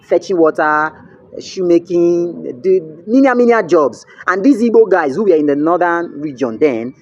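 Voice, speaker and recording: A man's voice: on the high side, animated, moderate pace, a little mellow, muffled recording. A young man with a Nigerian accent, telling a story to camera in a chatty way and often checking in with the viewer. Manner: chatty, asks the viewer "you get?", mixes in pidgin. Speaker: vlogger.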